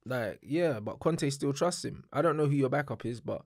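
A young man talks through a football match calmly, in relaxed slang. His voice sits at a middling pitch and sounds close and dry. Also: no echo. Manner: calm, measured, slangy. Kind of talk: casual football chat.

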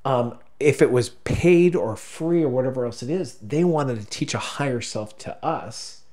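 A man's voice: mid-range voice, darkish tone. Choked-up man telling a story. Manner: emotional storytelling, choked up, halting restarts. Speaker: podcast co-host. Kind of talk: casual conversation.

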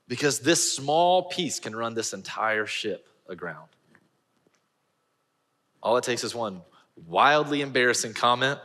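A bright, forceful male pastor preaching in a large church auditorium, his voice carried by a long reverb. He tells stories with animated energy and laughs at himself, then turns to scripture. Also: medium pitch. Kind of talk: sermon with personal storytelling.

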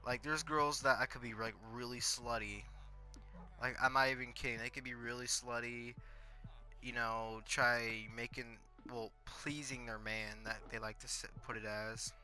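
Teen guy, crude rambling storyteller, bright voice, faint music underneath. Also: medium pitch, flat delivery, moderate pace. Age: teens. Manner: rambling and crude, heavy on fillers and profanity.

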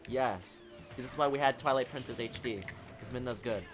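A man giving excitable live commentary while playing a video game, talking at the screen and swinging from low mutters to sudden shouts. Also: brisk, music in the background. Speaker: gaming channel host.

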